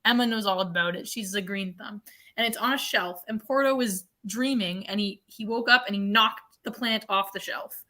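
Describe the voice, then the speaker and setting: A woman's voice: mid-range voice, moderate pace, bright, forceful tone. A young woman co-hosting a reading livestream, telling rambling stories with restarts, casual swearing and laughter. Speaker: readathon livestream co-host.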